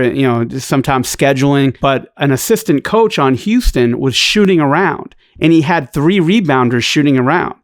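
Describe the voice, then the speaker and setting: A man's voice: fairly high pitch, no room sound. A man guest on a podcast, telling a long story in a blunt, profane, rambling way. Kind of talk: casual storytelling chat.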